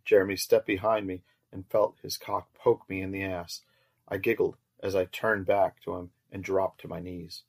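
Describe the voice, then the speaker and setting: A man reading a first-person story aloud as narrator in a steady, measured way. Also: low-pitched.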